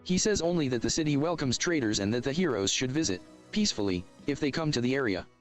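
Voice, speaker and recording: A man reading tabletop adventure text aloud at a steady, even pace. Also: mid-range voice, fast, faint music behind.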